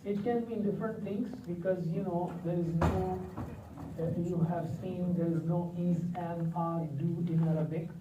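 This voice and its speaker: A male Arabic teacher leading a classroom lesson, patiently repeating words slowly and quizzing his students. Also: sits high, flat delivery, background noise. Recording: echoey dull room sound from a distance.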